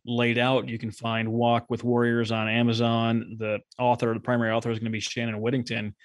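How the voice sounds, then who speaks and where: A man's voice: medium pitch, monotone, a little fast, dry recording. A man guesting on a podcast, talking casually and directly, full of enthusiasm and stories. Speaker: podcast guest, nonprofit consultant. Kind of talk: casual interview chat.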